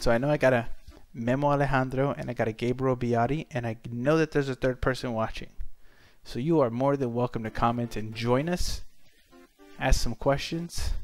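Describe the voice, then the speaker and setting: A man's voice: medium pitch, steady tone, moderate pace, soft background music. A man hosting a casual gaming livestream, joking with viewers and exclaiming at the game. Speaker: livestream host.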